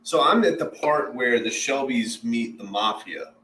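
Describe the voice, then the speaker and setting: A man's voice: medium pitch, lively intonation, measured pace, pushed and bright, a little hiss or hum. Laid-back joking male co-host. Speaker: livestream co-host. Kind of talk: casual livestream chat. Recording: echoey room.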